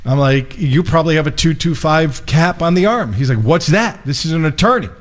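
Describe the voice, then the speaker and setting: A man hosting a radio show, casually telling a lively story and acting out both sides of the conversation. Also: fairly high pitch, fairly quick. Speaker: radio show host and mortgage lender.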